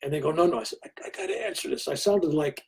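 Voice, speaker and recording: Brief: older male guest, husky and warm, a lively storyteller who slips into others' voices. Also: on the high side, fast talker. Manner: animated storyteller who acts out other people's lines. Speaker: interview guest. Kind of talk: storytelling in conversation.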